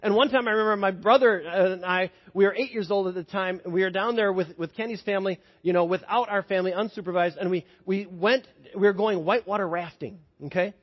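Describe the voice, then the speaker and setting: Male pastor, high husky voice, chatty sermon style, echoing church hall, dull sound. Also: fast talker, few pauses. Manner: conversational, asks the congregation questions. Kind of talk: sermon with personal story.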